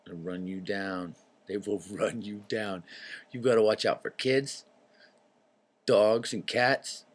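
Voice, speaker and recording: A man hosting his own show, talking in a loose, rambling monologue that drifts into tangents, swearing freely and clearing his throat often. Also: lowish voice. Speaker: show host.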